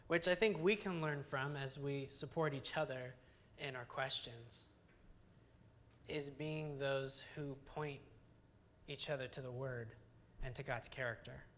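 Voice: medium pitch, a little slow, a little hiss or hum. A young adult Bible teacher giving a conversational sermon, earnest and chatty, often restarting phrases and using fillers.

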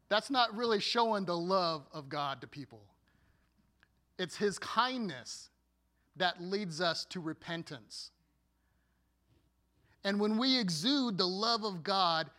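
A man preaching a sermon as a pastor, earnest and deliberate, with playful asides. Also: high voice, sharp tone.

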